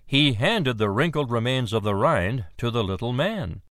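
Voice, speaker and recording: A man slowly telling a numbered joke as a story. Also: medium pitch, animated, a bit bright, no echo, studio quality. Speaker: joke narrator. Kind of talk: slow told joke narration.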